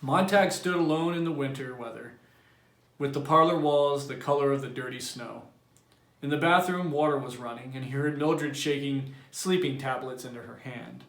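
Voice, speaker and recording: A man, a teacher, reading a novel aloud to his class in a plain, steady storytelling voice. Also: medium pitch, normal speed. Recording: roomy echo.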